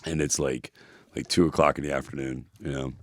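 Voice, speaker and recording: A man's voice: extremely low pitch, fairly even intonation, fairly quick, fairly bright tone, dry recording. A man co-hosting a podcast in casual chat, a rowdy storyteller who swears freely and acts out what people said. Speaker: podcast co-host.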